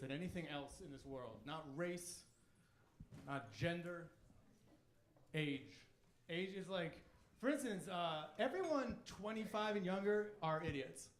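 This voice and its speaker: Thirties male comic, high-pitched, provocative stand-up delivery, roomy club sound. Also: slight background noise. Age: 30s. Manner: cocky, provocative, crude. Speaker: stand-up comedian. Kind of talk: stand-up routine. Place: comedy club stage. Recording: echoey club room.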